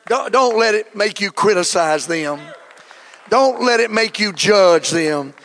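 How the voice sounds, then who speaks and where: A middle-aged male pastor delivers a sermon with fervent energy. His voice sits a little high for a man and swells into shouted emphasis, and he acts out quoted lines as he goes. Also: lively intonation, unhurried, a faint crowd.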